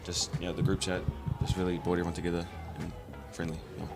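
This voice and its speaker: A man's voice: sits low, monotone, fast, creaky, faint music behind. A young man being interviewed after performing with his band, answering modestly and hesitantly with lots of ums. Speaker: student band leader interviewed.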